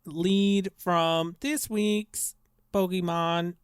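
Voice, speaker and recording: Young male co-host, deadpan robot bit, slow smooth voice, dry close sound. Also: high-pitched, dry recording. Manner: monotone mock-robot delivery. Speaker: teaching assistant co-host. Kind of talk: comedic podcast banter.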